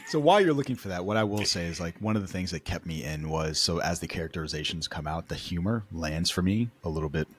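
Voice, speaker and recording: Husky deep-voiced man chatting excitedly. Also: quick pace, few pauses. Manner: excitable, jokey, talks in restarts. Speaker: podcast co-host. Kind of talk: casual chat.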